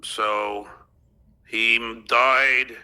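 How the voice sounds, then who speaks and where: A man's voice: mid-range voice, steady tone, extremely slow, bright, forceful tone, clear, resonant tone. A man hosting a podcast, giving casual live commentary over a clip in a sarcastic, needling way and cutting in often. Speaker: podcast host reacting to a clip.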